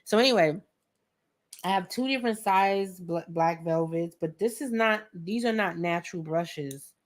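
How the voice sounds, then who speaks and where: A young woman hosting a casual painting tutorial at home, chatty and joking with viewers, often clearing her throat. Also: fairly low pitch. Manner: chatty, joking asides, talks to viewers as friends; frequent laughs and throat clearing. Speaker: art tutorial host. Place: home studio with a fan running.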